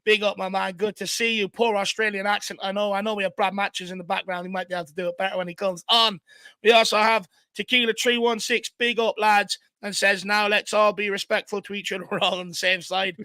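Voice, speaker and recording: An Irish man hosts a live fan stream, chatty and easygoing as he reads out viewer messages. His voice sits high and bright. The sound is close and dry. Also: flat delivery, fairly quick, smooth, dry recording. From Ireland. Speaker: fan show host. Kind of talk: casual live-stream chat.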